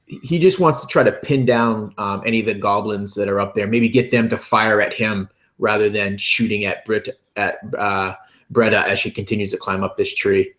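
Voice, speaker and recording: A man's voice: lowish voice, fairly bright tone. A man playing a tabletop game, thinking aloud and hesitating as he plans his character's moves. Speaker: player. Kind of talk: describing actions in a tabletop game.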